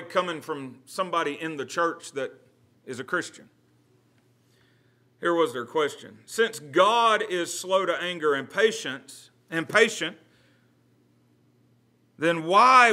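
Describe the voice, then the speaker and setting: Earnest bright-voiced pastor preaching. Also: male voice, high voice. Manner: earnest preaching, swings from loud to hushed. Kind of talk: Bible study teaching. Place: church.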